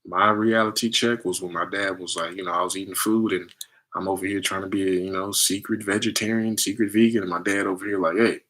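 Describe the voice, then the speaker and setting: A man with a low, bright, forceful voice talks loosely to his listeners. He acts out the people in his stories in high voices and comes back to plain talk in between. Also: quick pace, a little hiss or hum. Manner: animated storytelling, acts out others in high voices; loose conversational slang. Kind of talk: casual spiritual talk.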